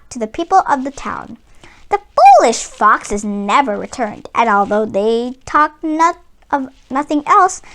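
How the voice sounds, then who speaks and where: Taking her time with every line, a woman reads a picture book to children in a high, bright, lively voice. Her storytelling flows at a gentle, expressive pace.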